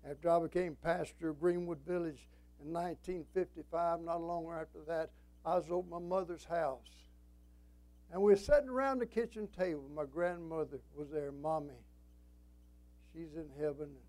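A man's voice: fairly high pitch, dark tone, rough recording. An older man preaching a sermon as a pastor, folksy and emphatic, quoting scripture and telling stories.

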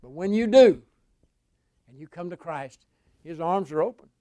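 A man preaching a sermon, telling a personal story in a folksy way that swings from hushed to loud. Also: high-pitched, lively intonation, normal speed, no echo. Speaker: pastor. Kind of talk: sermon testimony.

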